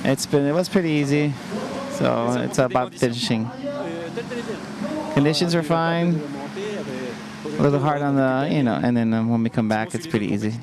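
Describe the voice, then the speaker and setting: A male athlete answers post-race questions with modest, halting short phrases. A lively crowd can be heard clearly around him outdoors. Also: medium pitch. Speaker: athlete being interviewed. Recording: outdoor event with crowd behind.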